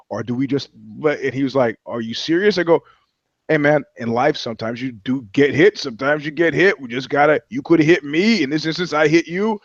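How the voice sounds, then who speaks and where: A man's voice: a little high, no echo, muffled recording. A man talking as a podcast guest, telling loose, profane anecdotes in casual chat. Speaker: guest, touring musician.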